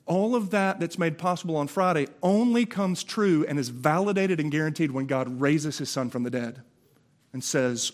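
A man's voice: a little high, normal speed, slight background noise. A man with a Southern US accent preaching an Easter sermon, impassioned and conversational, often restarting his words. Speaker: pastor.

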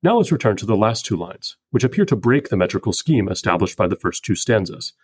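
Guy with a kinda husky low voice reading out his poetry breakdown, slow and methodical. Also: very animated, dry recording, clean studio sound. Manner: measured, methodical explaining. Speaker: podcast host. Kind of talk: scripted poetry analysis.

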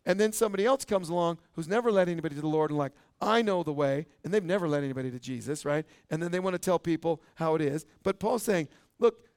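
Teaching pastor, male, high-pitched, chatty sermon delivery with frequent asides to the congregation. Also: dry recording, studio quality. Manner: conversational, joking, often asks "right?". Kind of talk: expository sermon. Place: church service.

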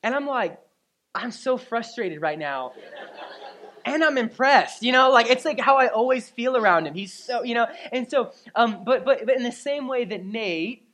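A woman preaching a sermon, telling an animated personal story with frequent "right?" and "you know?" asides to the congregation. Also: a little high, normal speed, hardly any pauses.

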